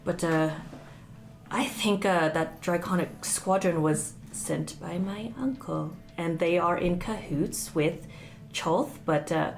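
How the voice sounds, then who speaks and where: A woman's voice: lowish voice, slow pace, vocal fry, faint music behind. A woman player in a tabletop game, speaking thoughtfully with hesitant fillers.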